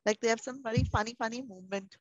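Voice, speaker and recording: A woman preschool teacher, leading young children through an online class in an animated, playful, coaxing way. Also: fairly high pitch, fast talker, dry recording, lo-fi sound.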